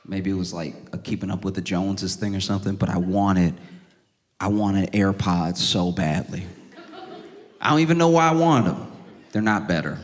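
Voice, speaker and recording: A man doing stand-up comedy on stage, telling stories with animated, high-pitched exasperation. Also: normal speed. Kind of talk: stand-up set. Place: comedy club stage with a live audience. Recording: live venue with long reverb. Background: audience laughter.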